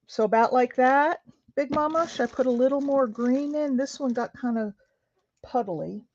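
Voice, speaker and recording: In a high-pitched voice with a darkish tone, a woman talks at normal speed as she hosts a craft video. Her chatter is relaxed and full of questions while she works, captured on a dry, dull, lo-fi recording.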